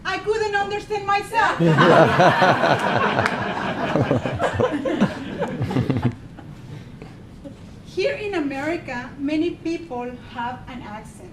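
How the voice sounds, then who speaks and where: Slow-talking Mexican-accented woman speaker. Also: sits high, far from the mic, very noisy. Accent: Mexican Spanish. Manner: deadpan, pausing for laughs. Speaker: contest speaker. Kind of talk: humorous contest speech. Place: meeting hall with audience. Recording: echoey hall, mic from afar, crowd laughing.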